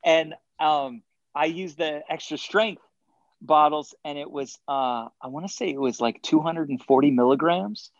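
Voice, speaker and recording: A man as a guest in a casual interview, telling animated stories and acting out quotes between chuckles. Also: fairly high pitch, unhurried, no room sound, highs cut off. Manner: animated anecdotes, acts out quotes, chuckles often. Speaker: guest athlete.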